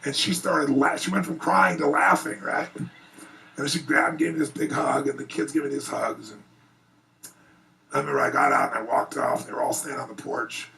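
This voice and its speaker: A man speaking to an audience at a private event, telling a heartfelt personal story with earnest, animated delivery. His voice is gravelly and sits a bit high for a man, and he is picked up from some distance from the mic. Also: fairly quick. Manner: earnest, animated, rising excitement in retellings. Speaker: motivational speaker. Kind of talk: emotional personal storytelling speech.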